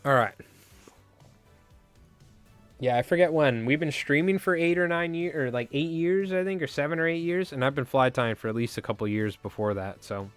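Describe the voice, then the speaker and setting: A man's voice: on the high side, normal speed, smooth, soft background music. A man hosting a casual fly-tying livestream, rambling and joking with some swearing.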